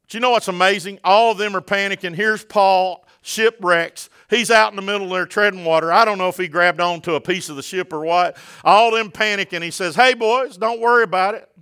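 A man preaches, his voice bright and forceful and pitched a little high. He calls out to the congregation and climbs in pitch and force as his sermon builds. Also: fairly even intonation, fairly quick, few pauses, smooth. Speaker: pastor.

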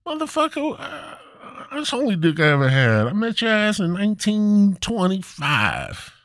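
A man voicing a blunt elderly wife, pitched high and indignant. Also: very animated, normal speed, dry recording, studio quality, natural voice. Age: older. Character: blunt elderly wife, married since the 1920s.

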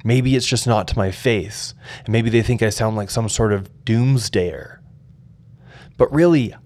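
A man's voice: lowish voice, a little mellow. A young adult man narrating his personal memoir in an earnest, reflective way.

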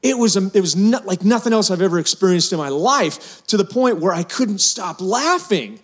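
A man with a notably high-pitched voice shares a testimony before a church congregation. He tells it in an excited, rambling way, often restarting his sentences. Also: normal speed. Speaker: church mission team member. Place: church sanctuary.

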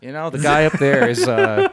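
A man's voice: on the high side, a bit bright, slight background noise. A man in casual podcast chat who laughs a lot and jokes drily.

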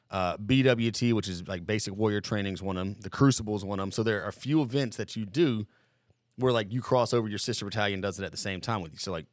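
A man's voice: fairly low pitch, dry recording, studio quality. A man telling boot camp war stories in a casual podcast chat, profane and rambling, full of filler words. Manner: rambling, profane, lots of "like" and "dude".

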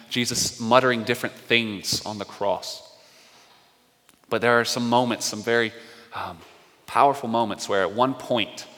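Man, pastor, animated sermon storytelling, bright voice, reverberant hall. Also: fairly low pitch. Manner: animated storytelling, acting out quotes.

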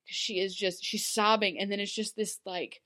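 A woman co-hosting a podcast in casual chat, talking in an animated way with lots of "like"s and quick asides. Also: medium pitch. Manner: chatty, animated, many fillers, laughs while talking. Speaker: podcast co-host.

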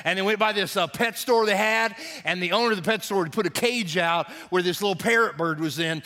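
A man's voice: sits high, brisk, sharp tone. A male pastor giving a sermon in a folksy, chatty way, joking with the congregation. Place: church service.

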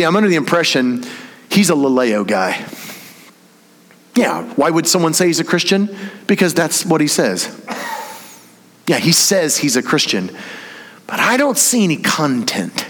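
A man's voice: fairly high pitch, a bit bright. A man from Tennessee, preaching a sermon and telling a story with humor and acted-out voices. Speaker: pastor. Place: church. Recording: reverberant church hall.

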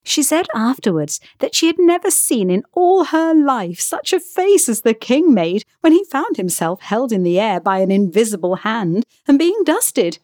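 Woman narrating a kids classic, fairly high voice, gentle, dry close sound. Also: very animated, moderate pace, hardly any pauses, no room sound. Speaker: volunteer audiobook reader. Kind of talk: audiobook narration.

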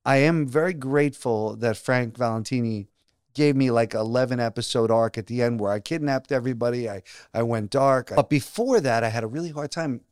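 Animated male actor telling stories. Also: mid-range voice, brisk, clean tone, no echo, clean studio sound. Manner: animated storyteller who acts out other people's lines. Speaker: actor guest. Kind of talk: casual storytelling interview.

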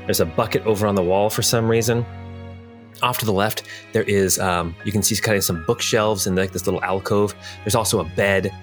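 A man's voice: lowish voice, fairly even intonation, brisk, soft background music. A man narrating a tabletop game as game master in a rambling way, with many fillers.

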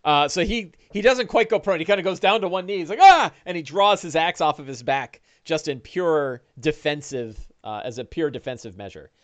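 A man's voice: fairly high pitch, a little fast, hardly any pauses, no room sound. A man running a one-on-one tabletop game as dungeon master, narrating animatedly with many "uh"s. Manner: animated, lots of uh fillers.

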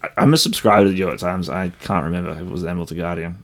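Man, podcast co-host, wry asides, low pitch. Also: steady tone, rapid-fire. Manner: dry, wry asides, chuckling. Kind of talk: casual chat.

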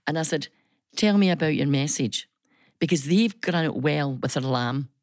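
A middle-aged Scottish woman, a business leader and radio guest, telling stories in an animated, chatty way with frequent restarts. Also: sits low, normal speed, no room sound, clean studio sound. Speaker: business chamber chief executive, guest. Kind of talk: casual radio chat.

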